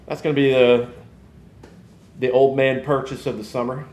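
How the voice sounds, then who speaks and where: A man's voice: mid-range voice, normal speed. Rambling chatty man in an echoey room. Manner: rambling, animated, swears casually. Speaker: podcast host. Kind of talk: casual live-stream chat.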